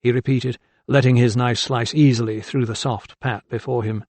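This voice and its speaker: A man narrating an audiobook with steady, deliberate storytelling. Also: medium pitch, no room sound. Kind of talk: scripted narration.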